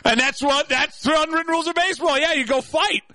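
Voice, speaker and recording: High, bright-voiced young man ranting. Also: fast talker, dry recording. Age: young adult. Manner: excitable ranting, bursts into shouting. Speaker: sports talk host. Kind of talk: opinionated sports talk.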